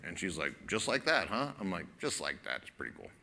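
Man, pastor, sermon, lowish voice, bright forceful delivery, conversational storytelling. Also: brisk, creaky, slight background noise. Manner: animated storytelling, acts out dialogue; casual, conversational preaching with fillers.

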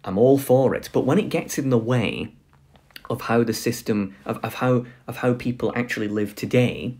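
A man's voice: medium pitch, moderate pace, darkish tone. A young man giving an opinionated political monologue, passionate and ranting, often restarting and repeating words. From United Kingdom. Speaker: political commentary YouTuber.

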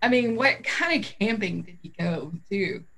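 A woman's voice: mid-range voice, lively intonation, moderate pace, gravelly, fairly bright tone. A middle-aged woman co-hosting a livestream in casual chat, rambling, laughing often and getting easily sidetracked. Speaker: co-host of a vaping livestream.

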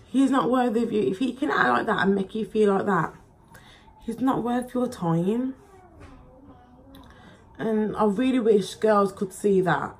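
A woman's voice: mid-range voice, husky, poor audio. A young woman chats casually while doing her makeup at home, rambling with plenty of likes and ums. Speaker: beauty vlogger.

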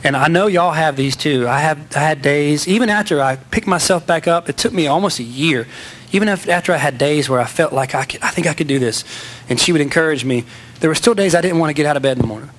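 A man's voice: fairly high pitch, quick pace. A man giving a candid, self-mocking storytelling speech to an audience. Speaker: speaker.

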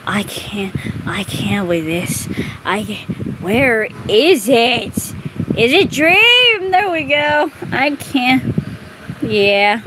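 A woman who makes videos chats casually and reads fan fiction aloud, giggling and breaking into laughter often while muttering exasperated asides. Her voice is a little high, with lively intonation and drawn-out words, and background noise is clearly audible in the recording.

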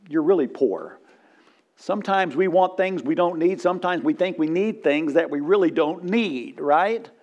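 Man preaching a humorous sermon. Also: high voice. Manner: storytelling with humor, rising to loud punchlines; asks congregation for responses. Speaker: pastor.

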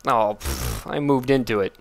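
A man giving casual gameplay commentary, blurting out excited exclamations and complaints at the game as he plays. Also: mid-range voice, normal speed, creaky. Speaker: let's play gamer.

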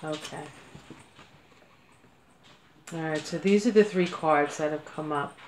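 A lower-pitched woman reads cards at home in a loose, chatty way, wandering between thoughts with plenty of fillers. The room around her is echoey and bare-sounding. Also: moderate pace, darkish tone, slight background noise. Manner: chatty, meandering, with frequent fillers and laughs. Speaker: card reader. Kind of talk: casual tarot-style card reading.

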